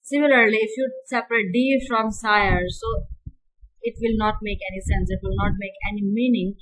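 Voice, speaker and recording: A woman giving a university lecture, explaining slowly and repeating key words and examples. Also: medium pitch, steady tone, fairly bright tone, low-quality recording.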